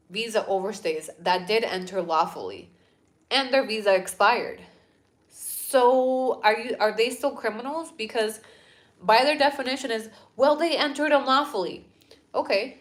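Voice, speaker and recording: Blunt, swearing woman livestreamer. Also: mid-range voice. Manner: blunt, swearing, animated ranting. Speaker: host of a livestream. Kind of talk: casual livestream chat.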